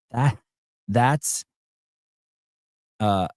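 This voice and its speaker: A man's voice: sits low, slow pace, long pauses, a little mellow, clean tone, dry recording, clean studio sound. A middle-aged man hosting a podcast, telling a story in a loose, conversational way with casual swearing and lots of fillers and restarts. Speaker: podcast host.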